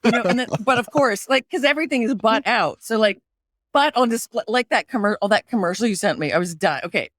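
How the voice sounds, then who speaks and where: A woman hosting a podcast in casual, animated, jokey chat. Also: fairly high pitch, fast, no echo, clean studio sound. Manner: animated, jokey, slips into playful accents. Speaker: podcast host.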